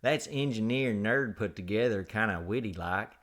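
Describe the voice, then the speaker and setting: A man's voice: lowish voice, measured pace. A man from Alabama, co-hosting a casual podcast chat in a joking, self-deprecating way with many fillers. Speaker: podcast co-host.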